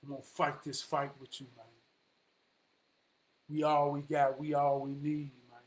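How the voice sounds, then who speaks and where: A man with a Southern US accent giving heartfelt motivational shout-outs, preachy and repetitive, swinging from soft murmurs to loud bursts. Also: a little high, completely flat delivery, unhurried, poor audio. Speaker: motivational vlogger.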